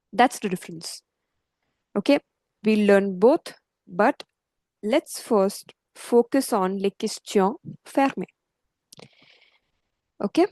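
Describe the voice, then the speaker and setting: Slow, patient woman teaching French grammar. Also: mid-range voice, mellow, no echo, low-quality recording. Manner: slow, patient, checks in with "okay" and "yes". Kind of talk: explaining grammar with examples.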